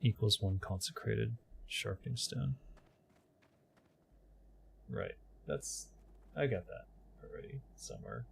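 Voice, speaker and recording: A man's voice: fairly low pitch, slow, gravelly, long pauses, a little hiss or hum. A middle-aged man streaming a game live, muttering to himself as he plays and then chatting openly with his viewers. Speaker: game streamer and voice-over narrator. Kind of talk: casual live gaming stream chat.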